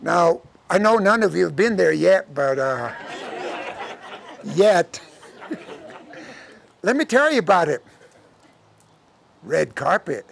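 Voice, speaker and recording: A man telling a traditional folk tale to a live audience, acting out the characters' lines in an animated way. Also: high voice, slow pace, gravelly, pauses often, some chatter behind, slight background noise. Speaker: storyteller. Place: lecture audience setting.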